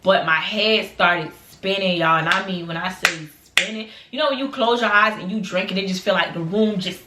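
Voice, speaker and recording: A woman vlogger telling a lively storytime to her viewers, acting out the voices of people in it and talking casually to the audience. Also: medium pitch, normal speed. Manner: animated, acts out voices in quotes; colloquial, addresses viewers as y'all. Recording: echoey room with background noise.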